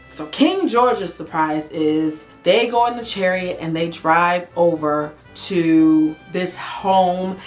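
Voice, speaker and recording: A woman, recapping a TV episode in a chatty, slangy, playful way. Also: fairly low pitch. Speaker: reaction channel host. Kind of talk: casual show recap.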